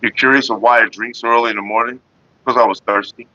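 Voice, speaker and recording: Fast and medium-pitched, this man hosts an easygoing Northern California vlog, replying to viewers with rambling, profanity-laced talk about staying calm. The recording sounds dull and lo-fi.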